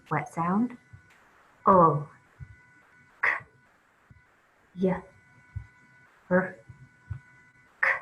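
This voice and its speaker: A woman's voice: lowish voice, low-quality recording. A woman teaching a phonics lesson to young children, sounding out letters one at a time and praising the listener. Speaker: reading teacher.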